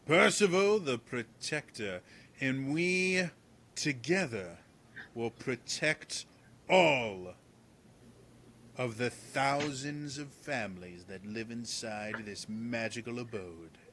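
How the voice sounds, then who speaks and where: Pompous self-appointed protector, played by a man: grand, slow speech. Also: medium pitch, fairly bright tone, slight background noise. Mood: grandly pompous. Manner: grandiose, declaiming. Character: pompous self-important male guard captain.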